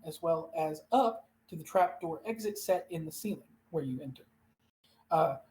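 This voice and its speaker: A game master narrating a live-streamed tabletop game, reading room descriptions unhurriedly and pausing often. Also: medium pitch, slight background noise, low-quality recording.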